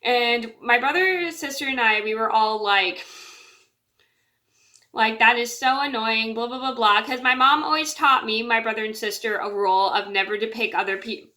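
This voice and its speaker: A woman with a bright, somewhat high voice tells a personal story straight to camera. Her talk is loose and rambling, full of fillers and restarts, and she keeps trailing off with "blah, blah, blah". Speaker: storyteller vlogger.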